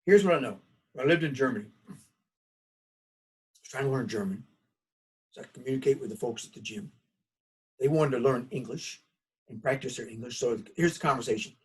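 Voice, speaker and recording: In a medium-pitched, breathy voice, a Southern US college instructor talks a little quickly but stops for long pauses. His lecture, recorded from a distance, has a folksy, conversational feel and animated storytelling.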